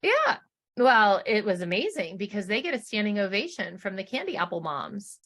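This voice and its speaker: A woman's voice: medium pitch, sing-song, moderate pace, a bit bright. A woman co-hosting a podcast, chatting casually as she recaps an episode and reads out her own notes with laughs. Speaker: podcast co-host.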